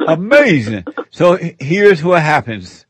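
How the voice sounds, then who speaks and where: A man's voice: on the high side, very animated, takes it slowly, breathy edge, dry recording. A man hosting a call-in radio show, rambling and laughing as he gives spiritual counsel.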